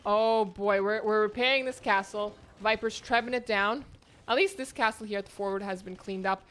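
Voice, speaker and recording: A woman hosting her own tournament and casting it live, giving chatty, excitable play-by-play from home. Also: medium pitch, normal speed. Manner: excitable, chatty, jumps between exclamations. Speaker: tournament host and caster. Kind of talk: live esports play-by-play commentary. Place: home, near the internet modem.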